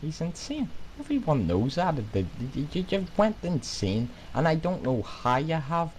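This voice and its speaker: A man's voice: on the high side, sing-song, moderate pace, a little mellow, slight background noise. A man with an Irish accent arguing heatedly in a voice chat, swearing and exasperated. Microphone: voice chat microphone.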